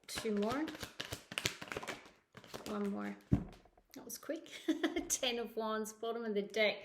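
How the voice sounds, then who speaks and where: The Scottish tarot reader's voice sits a little high here, with noisy background sound and a roomy echo. She offers her monthly reading to camera in an effusive, emotional way, frequently checking in with "okay?".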